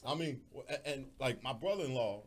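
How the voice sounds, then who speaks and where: A man's voice: medium pitch, expressive, a little fast. A man hosting a radio talk show, telling stories in a laid-back way and often repeating words. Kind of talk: casual chat.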